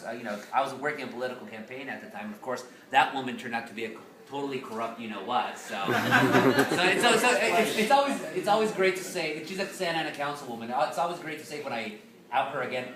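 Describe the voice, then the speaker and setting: A man in his thirties from the United States, speaking as a guest to an audience in an animated storytelling way, laughing often. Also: on the high side. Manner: animated, laughs often, playful Spanish slang. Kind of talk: lively storytelling talk to an audience. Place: hall with an audience. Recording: echoey room, mic far off.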